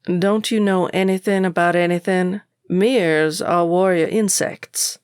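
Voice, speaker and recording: A woman's voice: on the low side, lively intonation, a little slow, smooth, no echo, studio quality. A woman voicing an irritable middle-aged male groundskeeper who talks down and swears, in an audiobook. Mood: scornful. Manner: scornful, cursing, talks down. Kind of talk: audiobook character voice.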